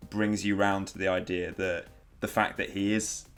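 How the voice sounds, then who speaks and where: A lowish male voice comments on a movie with dry humour, stumbling and restarting as he finds his words. A soft film soundtrack runs in the background. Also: level tone, normal speed, smooth, faint music behind. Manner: stammering restarts, wry jokes.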